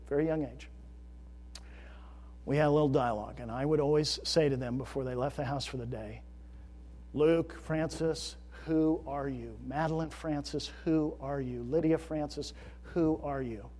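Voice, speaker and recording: A middle-aged man preaching a sermon as a pastor, moving between loud, emphatic declarations and quiet, conversational asides. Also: fairly high pitch, long reverb tail.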